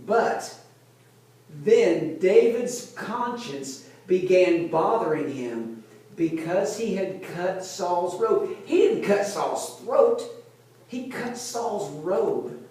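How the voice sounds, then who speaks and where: A male pastor preaching a conversational sermon, retelling a Bible story like a lively storyteller who keeps checking in with his listeners. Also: high-pitched, very slow. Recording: very echoey room, voice from a distance.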